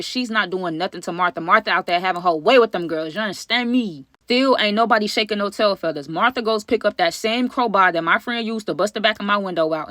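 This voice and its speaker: A woman rattles off a casual storytime vlog at a quick clip, animated and full of slang, talking straight to her viewers. Her voice sits at a middle pitch and sounds dry and close, with no room around it. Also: no room sound.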